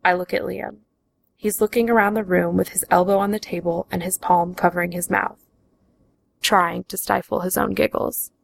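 A woman reading her own memoir aloud in the first person, slow and even. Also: on the low side, creaky, rough recording.

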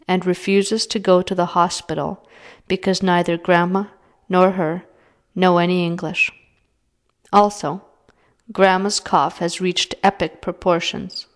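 A woman voicing a stern, deadpan middle-aged mother giving orders over the phone. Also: on the low side.

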